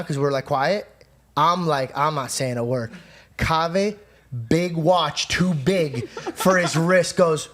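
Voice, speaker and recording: A podcast host telling a story in animated, casual chat, excitable and swearing, acting out both sides of an argument. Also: male voice, sits high, moderate pace.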